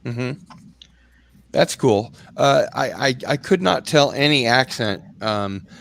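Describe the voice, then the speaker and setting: A man's voice: medium pitch, expressive, slow, vocal fry, fairly bright tone. A man co-hosting a casual podcast chat, asking curious questions and hesitating with fillers. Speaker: podcast co-host.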